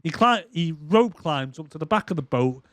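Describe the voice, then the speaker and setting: Animated, sweary man. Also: a little high, normal speed, dry recording, studio quality. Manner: animated, swears a lot, acts out movie lines. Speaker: podcast co-host. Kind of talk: casual movie review chat.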